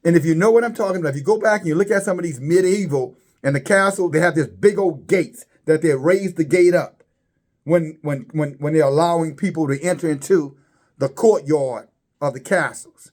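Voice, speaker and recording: Halting preacher man, rising emphasis. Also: a little mellow. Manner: halting, repeats words, rises high when stressing points. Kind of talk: religious commentary sermon.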